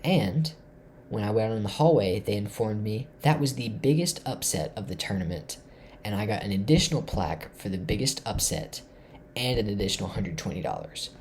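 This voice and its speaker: Animated man recapping his chess game. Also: fairly low pitch, fairly quick, a little hiss or hum. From Tennessee. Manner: animated, thinks aloud through moves, swings between loud and hushed. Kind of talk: excited game recap to camera.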